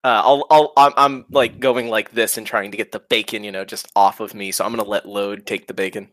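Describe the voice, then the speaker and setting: A man's voice: on the low side, fairly even intonation, a little fast, a bit bright, no room sound. A man playing a tabletop game, joking around and laughing with friends. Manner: playful, laughing often. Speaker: player. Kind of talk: casual tabletop play.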